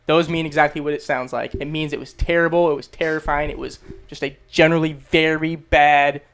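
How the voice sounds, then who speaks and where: A man's voice: on the high side, fairly even intonation, fairly quick, fairly bright tone, clean tone. A young American man explaining English words in a casual vlog, emphatic and repetitive, swearing freely. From United States. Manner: emphatic, swears freely, repeats phrases for stress. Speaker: YouTube English teacher.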